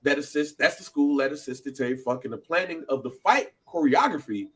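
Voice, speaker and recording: A man, co-hosting a casual podcast, talking excitedly with frequent laughs and high, animated bursts. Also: fairly quick. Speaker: podcast co-host.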